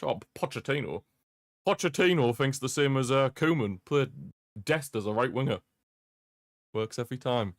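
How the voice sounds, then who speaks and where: A young man talks casually through a streaming mic, rambling and laughing with his chat. His voice sits at an ordinary middle pitch. The sound is dry and close, with no room around it. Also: dry recording. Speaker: streamer hosting a football watchalong. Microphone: streaming microphone.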